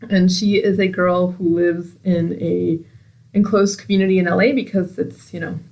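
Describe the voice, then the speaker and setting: A woman co-hosting a library podcast, talking casually about a book she reread, relaxed and attentive. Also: lowish voice, normal speed, creaky, low-quality recording. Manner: attentive listener, frequent backchannels, relaxed. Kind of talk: casual book recommendation chat.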